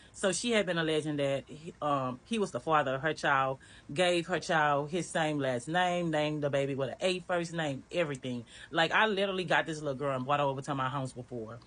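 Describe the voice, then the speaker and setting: Bright-voiced woman telling a blunt story. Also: low-pitched. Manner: candid and blunt, with swearing and vivid retelling. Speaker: storyteller recounting her marriage. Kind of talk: casual personal storytelling.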